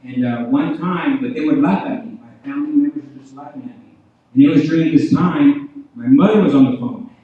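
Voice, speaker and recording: A man preaching a revival sermon as a guest preacher, telling his testimony and often calling out "ladies and gentlemen", his loudness rising and falling. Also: fairly high pitch, very animated, a little fast. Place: church hall. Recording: echoey hall, distant dull mic.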